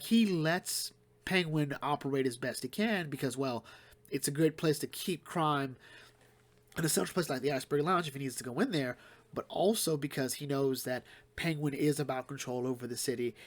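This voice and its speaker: A man giving a casual solo comic book review, retelling plots quickly and rambling with fillers and restarts. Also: medium pitch.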